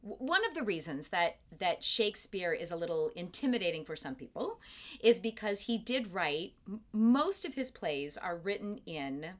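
A woman's voice: fairly low pitch, big pitch swings, moderate pace. A middle-aged woman theatre director in an interview, explaining terms thoughtfully and carefully, with plain enthusiasm for the craft. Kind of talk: interview conversation.

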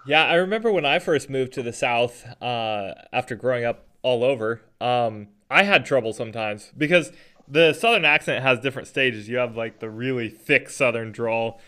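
A man's voice: medium pitch, moderate pace, pushed and bright, smooth. A man interviewing casually, asking curious questions. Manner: curious, asks short questions. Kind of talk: casual chat.

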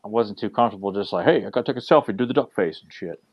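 A man's voice: fairly low pitch, expressive, racing, husky, no room sound, dull audio. Man teasing his friends on a call. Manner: teasing, dry ribbing. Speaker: podcast co-host. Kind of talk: casual video-call chat.

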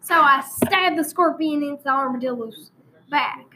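A woman putting on a deliberately exaggerated rural Texan accent to play a rambling old country storyteller with folksy asides. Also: high-pitched, noisy background, natural voice. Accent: put-on rural Texan.

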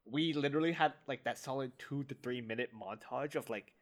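A man telling a story in casual chat, animated and mimicking his friends. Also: mid-range voice, brisk.

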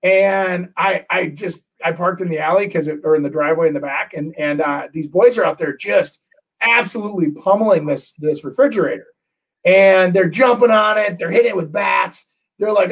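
A middle-aged man, a real estate agent, telling a story in casual chat, animated and full of restarts. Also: high voice, normal speed, far from the mic, low-quality recording. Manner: animated, acts out quotes, many restarts.

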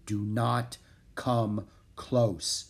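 A man's voice: fairly low pitch, level tone, gravelly, full character voice. Man voicing a sad, wary stallion. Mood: solemn. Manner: slow, sparse, heavy words.

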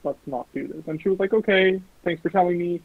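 Young man telling stories, husky lo-fi audio. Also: sits high, fast, dry recording. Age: young adult. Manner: animated, swearing, mimics voices in quotes. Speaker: guest. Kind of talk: casual storytelling. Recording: lo-fi phone-like recording.

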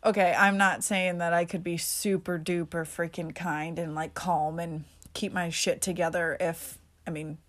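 A woman's voice: lowish voice, little pitch movement, moderate pace, few pauses, fairly bright tone. Woman host of a solo pep-talk podcast; casual, emphatic, a little salty. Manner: emphatic, casual and chatty, peppered with mild swearing.

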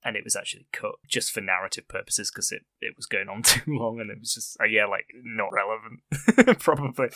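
A man's voice: on the low side, fairly even intonation, quick pace, vocal fry, few pauses, pushed and bright, no echo. A man hosting a casual film podcast, chatty and giggly, often laughing as he talks. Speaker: podcast host.

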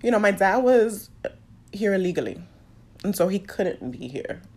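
A woman's voice: medium pitch, big pitch swings, normal speed, warm tone. A woman openly telling a personal story, emotional and fighting back tears. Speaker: podcast host sharing a personal story.

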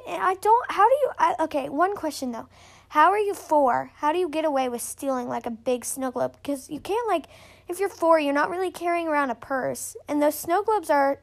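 A young woman reading funny stories aloud and chatting about them in a casual, rambling way with lots of fillers. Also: sits high. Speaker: vlogger.

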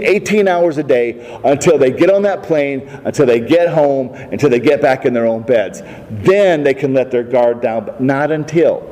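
A man's voice: fairly high pitch, a little mellow, long reverb tail, poor audio. A man preaching a sermon in a folksy style, with humorous asides and rhetorical questions. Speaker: pastor.

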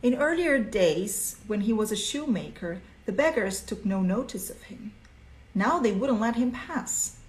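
Expressive woman reading a story aloud. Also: medium pitch, a little slow. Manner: expressive, asks listeners questions. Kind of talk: storytelling lesson.

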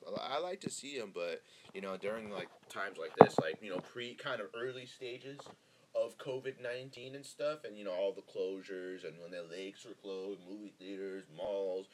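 A young man from Northern California hosting his own podcast in a rambling, profane, laid-back solo monologue full of fillers, speaking close into the mic. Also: low-pitched. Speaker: podcast host. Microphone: close podcast microphone.

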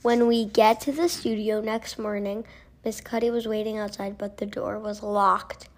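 A woman reading a story aloud slowly, stumbling over words and getting corrected. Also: medium pitch, steady tone. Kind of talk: slow read-aloud.

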